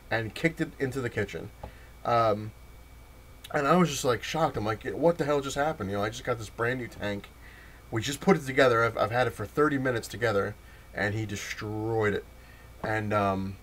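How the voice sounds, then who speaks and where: A man's voice: medium pitch, a bit bright, a little hiss or hum. A man casually telling a long personal story in a rambling, wry way with many restarts. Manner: rambling, frequent restarts and fillers, wry laughs. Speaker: vlogger telling a childhood story.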